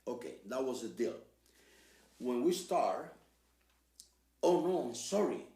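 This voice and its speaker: An older man from Cuba with a Cuban Spanish accent, hosting an interview and telling lively stories, acting out the voices of the people in them. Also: slow, vocal fry, echoey room, distant mic. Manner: acts out quoted voices with big swings in pitch and loudness. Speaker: host. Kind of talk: animated storytelling interview.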